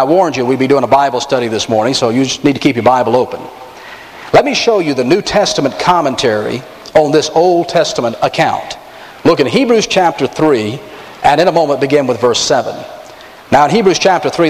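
A man preaching a sermon as pastor, animated and emphatic, with wry asides to the congregation. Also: a little high. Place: church sanctuary. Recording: long reverb of a large sanctuary.

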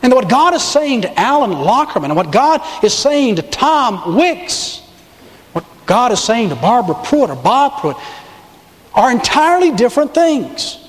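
A man's voice: extremely high pitch, very animated, normal speed, in a large hall. A male pastor preaching a sermon in a church, stressing key words and pressing the congregation to respond. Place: church sanctuary with balcony and choir.

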